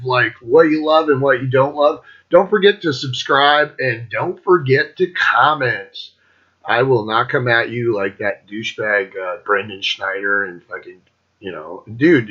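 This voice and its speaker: A man's voice: on the high side, sharp tone. A man hosting his own metal music channel, giving his opinions in a rambling, profane casual monologue and laughing often. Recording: dull lo-fi audio.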